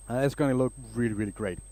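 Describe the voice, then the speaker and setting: A man's voice: mid-range voice, mellow. A man hosting a woodturning live stream in a workshop, chatting casually and rambling through stories.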